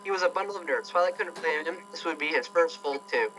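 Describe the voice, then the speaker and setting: A man's voice: on the high side, fast talker, pushed and bright, soft background music, poor audio. A man doing a comedic reading of fan fiction aloud, irreverent and swearing, often breaking off to laugh.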